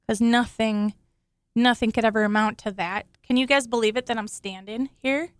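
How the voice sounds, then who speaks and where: A woman's voice: a little high, steady tone, moderate pace, smooth, no room sound. A woman hosting a studio talk show, chatting emotionally and laughing often as she thanks her rescuers. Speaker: show host, accident survivor. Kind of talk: grateful casual studio talk.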